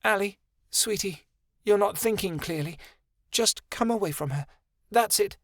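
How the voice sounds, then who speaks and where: A man voicing a fierce, sharp-tongued young fairy woman. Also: sits high, a little slow, no room sound, clean studio sound, pitched above the performer's own voice. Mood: coaxing.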